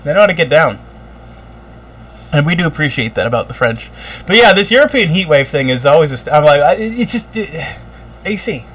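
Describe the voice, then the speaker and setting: A man's voice: on the high side, a little fast, pauses often, low-quality recording. A man co-hosting a podcast, ranting in casual chat with lots of swearing and mocking impressions. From United States. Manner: animated, profane ranting with mocking put-on quotes. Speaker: podcast co-host.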